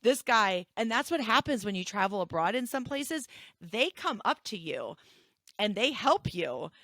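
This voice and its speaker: A woman co-hosting a podcast, telling travel stories in animated, casual chat with laughs. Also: medium pitch, unhurried, no echo. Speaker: podcast co-host.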